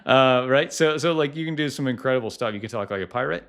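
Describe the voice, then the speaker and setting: A middle-aged man, a tech YouTuber who founded a podcasting company, hosts a casual tutorial vlog. His medium-pitched, fairly bright voice is expressive at a normal speed, and he chats freely with plenty of "like" and "uh."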